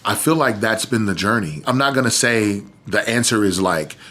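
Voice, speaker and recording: A man's voice: lowish voice, animated, normal speed, bright, forceful tone. A man from Texas, a podcast guest, tells an emotional personal story earnestly, his voice catching with tears.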